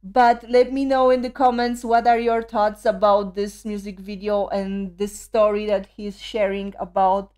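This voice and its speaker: A woman's voice: medium pitch, a little mellow, clear, resonant tone. A woman hosting a music video reaction, talking emotionally with frequent awed exclamations.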